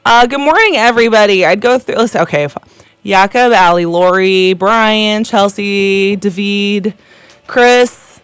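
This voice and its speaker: A woman co-hosting a morning radio show, chatting in animated, casual banter and laughing easily. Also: medium pitch, measured pace, clear, resonant tone, no room sound.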